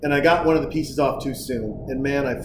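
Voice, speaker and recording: A man from Montana co-hosting a casual chat, telling profane, animated stories and acting out quotes. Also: medium pitch, a little fast. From Montana, USA. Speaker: podcast co-host. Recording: echoey room with background noise.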